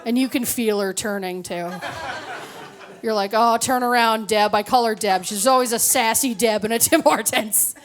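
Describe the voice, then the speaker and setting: A woman's voice: fairly high pitch, normal speed. A woman performing a stand-up comedy set on a club stage, telling sarcastic stories with acted-out voices. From Canada. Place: comedy club stage before a live audience.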